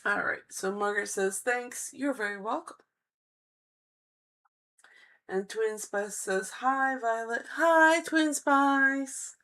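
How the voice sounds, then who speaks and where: Woman, tarot streamer, slow, friendly, reading chat aloud. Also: medium pitch, steady tone, sharp tone. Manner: friendly, slow, reads chat aloud and answers each viewer. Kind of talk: reading out live chat messages.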